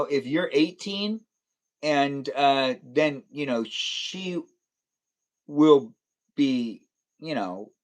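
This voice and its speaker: Young male streamer, slightly higher voice, playful and teasing, casual chat with viewers. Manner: playful, teasing, laughs often. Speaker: live streamer. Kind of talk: casual livestream chat reading viewer comments.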